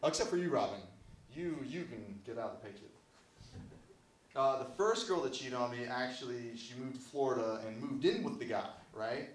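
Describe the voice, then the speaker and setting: A man's voice: mid-range voice, normal speed. A man doing a stand-up comedy set, rambling and self-deprecating, swearing often, heard with audience laughter. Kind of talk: open-mic stand-up set. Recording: echoey room from far off, faint noise.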